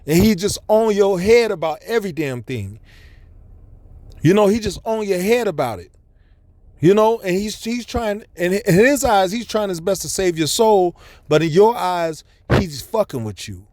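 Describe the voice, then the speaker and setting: A man's voice: high-pitched, lively intonation, moderate pace, darkish tone, no echo. Blunt, profane preaching man. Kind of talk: profane street sermon.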